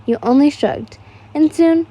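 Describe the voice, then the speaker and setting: A woman's voice: high voice, unhurried, dark tone. A young woman casually reading fan fiction aloud, stumbling over words and laughing at the text.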